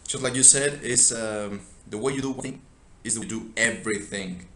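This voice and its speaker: A man's voice: medium pitch, fairly quick, a bit bright, a little hiss or hum. A man hosting a casual interview, agreeing earnestly and mostly speaking in short affirmations. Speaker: interview host. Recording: echoey room, voice from a distance.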